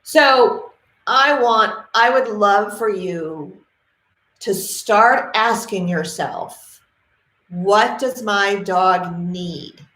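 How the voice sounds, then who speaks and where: A middle-aged woman from New England, talking to camera as a dog trainer, telling stories with passion and quick acted-out quotes. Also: mid-range voice, pushed and bright. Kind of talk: casual talk to camera. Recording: roomy echo.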